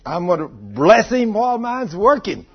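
A man's voice: sits high, sing-song, normal speed, breathy edge. A man preaching a folksy, conversational sermon and acting out the voices he quotes. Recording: muffled lo-fi recording.

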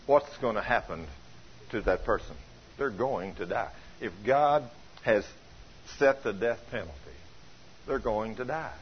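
A man preaching a sermon in a folksy, animated, conversational way, full of homespun stories. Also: medium pitch, slight background noise. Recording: dull lo-fi recording.

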